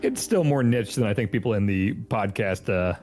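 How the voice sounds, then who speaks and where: A man's voice: fairly low pitch, lively intonation, normal speed, darkish tone. A man co-hosting a trivia stream as a guest, bantering casually, joking and swearing now and then.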